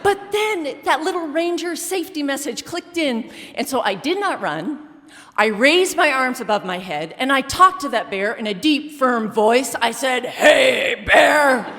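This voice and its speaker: A woman's voice: sits high, lively intonation, normal speed, fairly bright tone. A woman performing a comic, self-mocking personal story on a theater stage before a live audience. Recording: reverberant theater hall.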